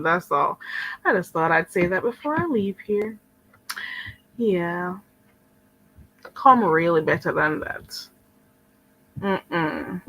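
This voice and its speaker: A woman's voice: medium pitch, a bit bright, husky, low-quality recording. A young woman hosting a live stream, talking to viewers in an indignant, sarcastic way with mocking mimicry. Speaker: channel host.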